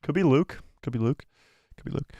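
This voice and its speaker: An excited man hosts a live stream and reacts to chat, breathless and repeating himself. His voice sits in an ordinary middle pitch. The sound is dry and close, with no room echo. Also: fairly quick, gravelly, dull audio. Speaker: host of a live watch party stream.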